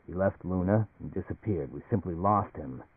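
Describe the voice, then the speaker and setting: A man doing a calm, dry agency chief. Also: slightly rough. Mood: flat. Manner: flat, measured, low delivery. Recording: phone-like narrow band, dry.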